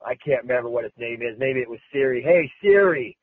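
Talking fast in a level, medium-pitched, slightly rough voice, an American wrestling coach responds to press questions. The recording is dry yet tinny and phone-like, and he keeps restarting, repeating points emphatically.

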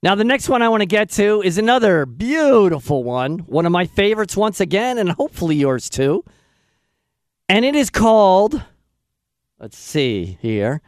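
Male talk radio host, emphatic and opinionated, high lively voice, dry close sound. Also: unhurried, dry recording.

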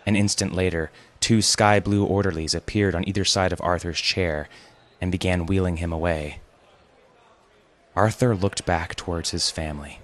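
A man hosting and narrating a fiction podcast in a wry, deadpan manner. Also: deep voice, moderate pace. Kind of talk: scripted narration.

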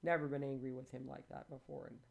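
A woman in her sixties hosting a casual chat, telling stories with animated, blunt delivery and acted-out dialogue. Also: extremely low pitch, fast talker, creaky, muffled recording. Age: 60s. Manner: animated storytelling, swears freely, acts out quoted dialogue.

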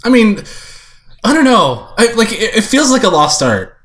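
A man's voice: high voice, very animated, normal speed, a bit bright. A man co-hosting a podcast in casual chat, rambling with lots of filler words. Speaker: podcast co-host.

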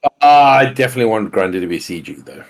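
A man's voice: on the low side, expressive, fast talker. A man co-hosting a podcast in casual chat, laid-back and hedging, swearing casually. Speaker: podcast co-host.

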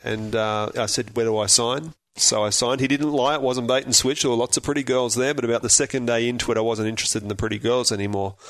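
An Australian man guesting on a talk show, telling his story in an easy, dryly humorous way. His voice sits on the lower side for a man. The sound is close and dry, with no room around it. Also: steady tone, fast talker, hardly any pauses, a bit bright, dry recording. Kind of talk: casual interview.

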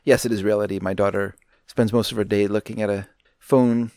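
A man's voice: fairly low pitch, fairly even intonation, fairly quick, dark tone, smooth, no room sound, clean studio sound. A man co-hosting a movie review podcast, chatting in an easygoing, rambling way and laughing often. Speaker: podcast co-host. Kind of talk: casual movie review chat.

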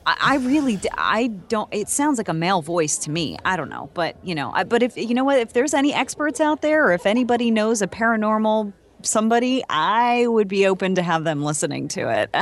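A woman's voice: medium pitch, very animated, fairly quick, hardly any pauses. A woman co-hosting a podcast, telling a story in a chatty, rambling way. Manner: chatty, rambling with restarts and laughs. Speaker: podcast co-host. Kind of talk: casual chat.

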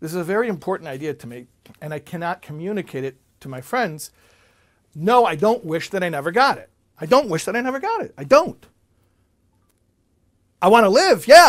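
Guy doing frail old lady w a big booming voice, high and loud. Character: frail older woman with a booming voice.

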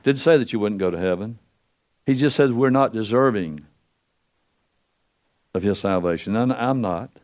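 An older man preaching a sermon in a folksy, storytelling way, acting out the quotes he tells with wide swings in pitch and loudness. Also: normal speed, pauses often.

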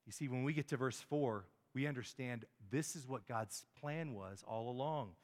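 A man's voice: mid-range voice, moderate pace. A male pastor preaching a sermon, emphatic, with many rhetorical questions and small stumbles on words. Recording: long hall reverb.

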